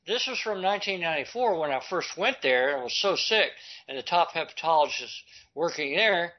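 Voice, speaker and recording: An older man telling a personal story in a lively way, acting out the voices he quotes. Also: a little high, moderate pace. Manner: animated, acts out quoted voices. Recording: dull lo-fi recording.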